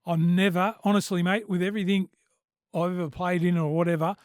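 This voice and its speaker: A middle-aged Australian man telling stories in a blokey, animated way, heavy with fillers, on a casual podcast. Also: high-pitched, a little fast, no room sound, studio quality. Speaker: podcast guest. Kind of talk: casual storytelling chat.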